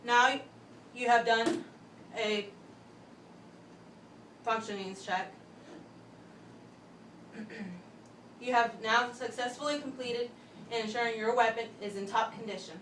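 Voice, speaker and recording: A young woman giving a step-by-step class demonstration speech, talking methodically with pauses and restarts. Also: fairly high pitch, fairly even intonation, a bit bright. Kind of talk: step-by-step instructional demo. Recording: echoey room, voice from a distance, faint background hum.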